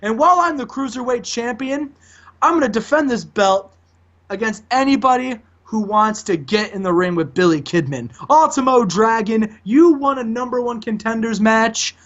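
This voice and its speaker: A man's voice: very high voice, animated, moderate pace, a bit bright, heavily acted. A man voicing a boastful young male wrestling champion cutting a taunting promo, heard on a lo-fi recording. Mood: defiant.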